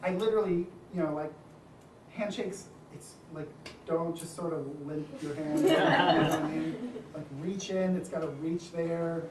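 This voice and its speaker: A man's voice: on the high side, steady tone, unhurried, crowd noise. A man giving a casual presentation talk to a live audience at an event, chatty with frequent asides and light laughter. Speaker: speaker at a design community event. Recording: echoey room, distant mic, faint ambience.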